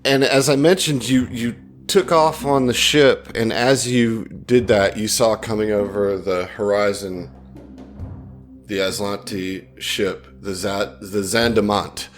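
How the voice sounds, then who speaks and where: A man's voice: fairly low pitch, fairly even intonation, slow pace, soft background music. A man running a tabletop game as game master, hyped and casually swearing.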